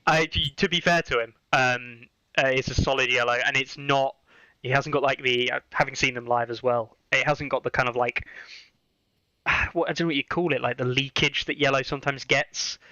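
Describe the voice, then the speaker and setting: A man's voice: mid-range voice, fairly even intonation, moderate pace, pushed and bright, no room sound, muffled recording. A man hosting a podcast, chatting casually with lots of fillers and restarts. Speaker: podcast host. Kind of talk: casual chat.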